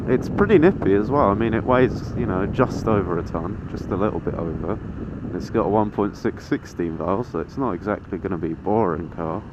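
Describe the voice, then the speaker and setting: Sweary teenage biker, low voice. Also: male voice. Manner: sweary, self-mocking, sudden excited yelps. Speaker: motovlogger. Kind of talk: casual running commentary while riding. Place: on a motorbike in town traffic, outdoors. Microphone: helmet-mounted action camera. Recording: dull lo-fi sound with loud wind and engine noise. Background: wind, traffic and engine noise.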